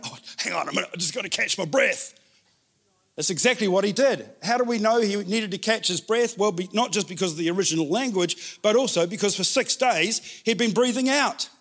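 A man preaching a sermon in an animated way, repeating words for emphasis. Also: sits high, moderate pace. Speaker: pastor.

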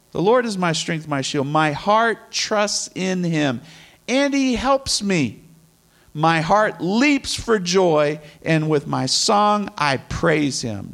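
A man's voice: on the high side, a bit bright. Earnest middle-aged man teaching scripture. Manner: earnest, conversational, repeats key phrases. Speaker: preacher. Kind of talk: bible teaching.

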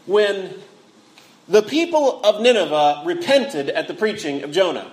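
High-voiced man preaching a sermon. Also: animated, unhurried. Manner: earnest, acts out quotes with feeling; frequent word repeats.

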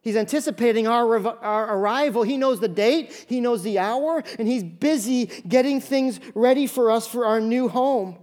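A male pastor preaching a sermon, telling stories in an animated way with many quick restarts. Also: very high voice.

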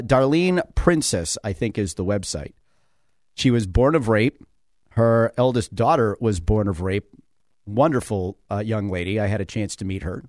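In a radio studio, this talk show host chats and wanders off on tangents, dropping plenty of fillers and chuckles. His voice is lowish and darkish, captured in a dry recording with clean studio sound.

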